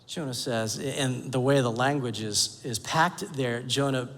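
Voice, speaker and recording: A man's voice: medium pitch, a little slow, fairly bright tone. A man preaching a sermon as pastor, telling the story with jokes and playful quoted voices. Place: church sanctuary. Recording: long hall reverb.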